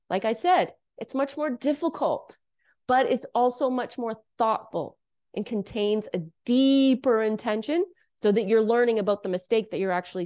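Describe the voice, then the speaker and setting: Woman from canada, self-help talk, earnest, coaching, slightly high voice. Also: darkish tone. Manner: earnest, coaching, with frequent "okay?" and "right?". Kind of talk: casual monologue to camera.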